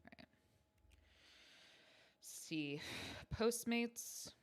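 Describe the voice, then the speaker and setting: A woman's voice: a little high, expressive, drawn-out words, a little hiss or hum. A woman hosting a livestream from home, chatting casually with her viewers in a playful, self-mocking way. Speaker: stream host.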